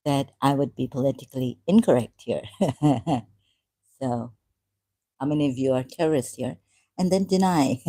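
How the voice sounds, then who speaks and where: Slow, low-voiced woman rambling on a livestream. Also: mellow, dry recording. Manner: rambling, halting, laughs often at own remarks. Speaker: channel host. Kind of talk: rambling casual livestream talk. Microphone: USB desk mic.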